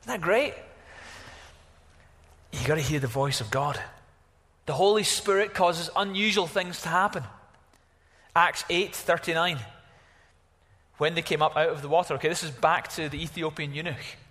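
Preaching at a normal speed, this pastor has a bright, fairly high voice that rings through a reverberant church hall. His delivery is animated, swinging from loud exclamations to hushed moments.

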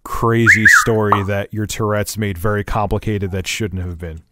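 A man's voice: fairly low pitch, level tone, normal speed, very noisy. A man hosting an interview, asking chatty, meandering questions with laughs. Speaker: interview host. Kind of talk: casual conversational interview.

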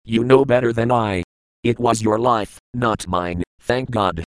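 A man's voice: medium pitch, steady tone, a little slow, clean tone, no echo, close to an everyday voice. A man voicing a wry old male mentor in an audiobook, speaking in dry, clipped remarks.

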